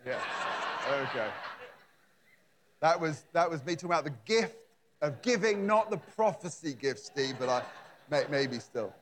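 A man's voice: fairly high pitch, lively intonation, moderate pace, pauses often, slight background noise. A man preaching a conversational sermon in a church, often repeating words and adding asides. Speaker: pastor.

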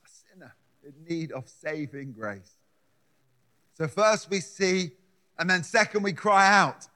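A man's voice: fairly high pitch, animated, slow, pushed and bright. A man preaching a sermon, building his points with emphatic repeated words. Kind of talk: sermon with scripture reading.

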